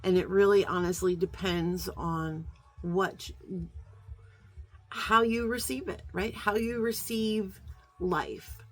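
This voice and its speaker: This beauty vlogger, a middle-aged woman, has a mid-range voice with fairly even intonation and a slow pace. She talks to her viewers in a casual, heartfelt way, rambling with many fillers and restarts. At times she becomes slightly emotional.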